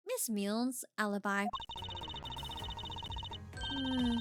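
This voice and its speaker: A woman's voice: high-pitched, animated, takes it slowly, pauses often. A woman streamer reading a game aloud with playful, dramatic asides, with game music behind.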